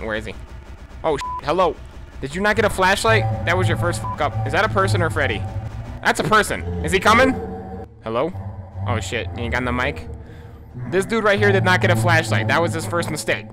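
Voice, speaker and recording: A man giving casual, profane gameplay commentary as a YouTube host, excitable and easily spooked. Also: on the high side.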